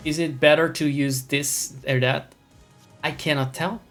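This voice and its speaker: A man's voice: fairly high pitch, fairly even intonation, measured pace, a bit bright, faint music behind. Wry rambling man streaming a game. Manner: rambling, wry, swearing, mock-imperious. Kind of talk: casual gameplay chat with viewers.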